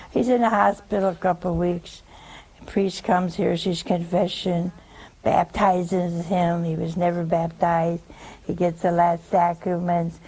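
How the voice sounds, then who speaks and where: Slow, gravelly woman preaching a homily. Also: fairly low pitch, dark tone, low-quality recording. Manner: folksy, teasing, asks the audience questions. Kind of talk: sermon.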